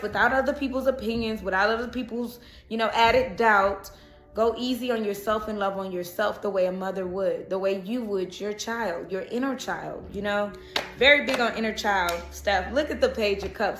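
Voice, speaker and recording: A woman's voice: medium pitch, fairly bright tone, roomy sound. A woman giving a casual, chatty tarot reading who often laughs. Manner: chatty, laughs and breaks into song. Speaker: tarot reader.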